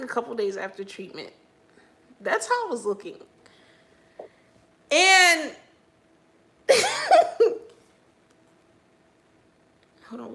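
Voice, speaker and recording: This livestream host, a young adult woman, tells a personal faith story in a relaxed testimony vlog, filling it with "like." She sounds mid-range, creaky and bright, with a forceful tone over slight background noise.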